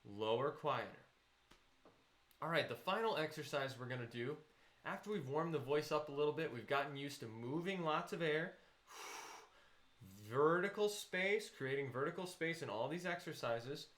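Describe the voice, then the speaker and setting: A man's voice: fairly high pitch, lively intonation, moderate pace, a bit bright. Man teaching vocal exercises in echoey room. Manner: counts students in and explains technique patiently.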